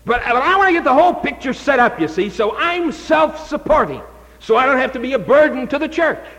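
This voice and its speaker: A man's voice: very high voice, sing-song, fairly quick, fairly bright tone, big-room sound, pitched above the performer's own voice, heavily acted. A preacher voicing an eager young man who stammers out excuses as an insurance salesman.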